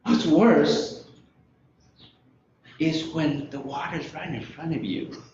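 A man's voice: fairly high pitch, takes it slowly, a little mellow, heavy reverb, highs cut off, a little hiss or hum. A man leading an interactive Bible lesson, asking his listeners questions and laughing often. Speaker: Bible study teacher.

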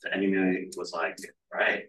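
Group member, man, very deep and flat voice, hesitant and rambling, far from the mic in an echoey room. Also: normal speed. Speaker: Bible study participant. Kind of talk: casual group discussion.

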